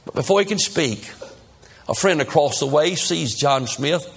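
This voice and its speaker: A man's voice: fairly high pitch, a little slow, breathy edge. A male preacher telling a Bible story dramatically and acting out the characters. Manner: animated, acts out the characters.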